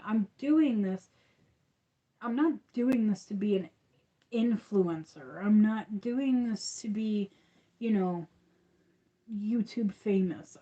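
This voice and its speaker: A woman's voice: mid-range voice, warm tone, dull audio. A woman hosting a crochet channel, chatting casually on a livestream, rambling and restarting with lots of fillers.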